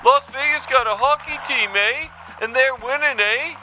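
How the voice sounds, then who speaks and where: A man's voice: very high voice, moderate pace, sharp tone, slight background noise, exaggerated voice, low-quality recording. A man voicing a whiny Canadian hockey fan caller who ends every line with "eh", in a comedy call-in sketch. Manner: ends every sentence with a nasal "eh".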